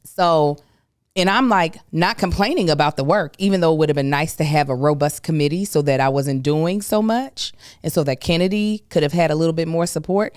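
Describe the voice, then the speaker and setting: A woman hosting a podcast, telling a story in a casual, emphatic, animated way with folksy asides. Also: deep voice, brisk, clear, resonant tone, no room sound, studio quality. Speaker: podcast host.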